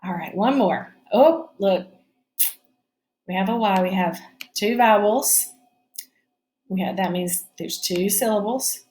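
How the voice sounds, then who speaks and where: A patient woman teacher walks students through a phonics lesson from her kitchen at home. She speaks at an ordinary middle pitch and keeps asking whether they are following along. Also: slow pace, long pauses, darkish tone. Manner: patient, checks in with students often.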